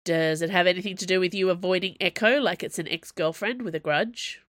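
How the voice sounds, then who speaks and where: A woman's voice: fairly low pitch, brisk, a bit bright, no echo, close to an everyday voice. A woman voicing a dry, sardonic young man on a circus crew. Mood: wry. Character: wry young male circus crewman.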